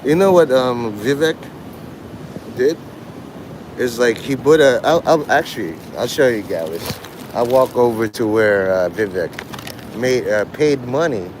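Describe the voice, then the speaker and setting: A man talking casually on a livestream while walking outdoors, rambling and joking and mimicking others in quick quoted voices. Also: medium pitch, expressive, background noise.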